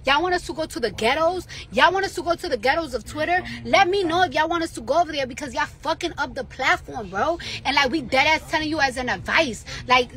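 A high bright-voiced New woman ranting. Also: animated, quick pace, hardly any pauses. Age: late 20s. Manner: profane, emphatic, repeats her points. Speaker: celebrity livestreamer. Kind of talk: ranting social media live stream. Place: in a car.

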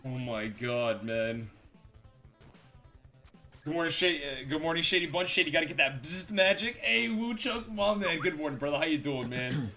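A young man streaming a game live, reacting loudly, swearing, laughing and greeting chat. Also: on the high side, lively intonation, moderate pace, soft background music.

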